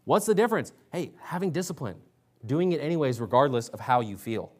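A man's voice: medium pitch, big pitch swings, fairly quick. A man preaching a sermon, exhorting his listeners and reading scripture aloud with emphasis. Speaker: pastor.

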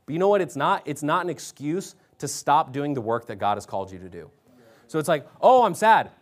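A man's voice: on the high side, a little fast. A man preaching a sermon, exhorting his listeners and reading scripture aloud with emphasis. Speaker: pastor.

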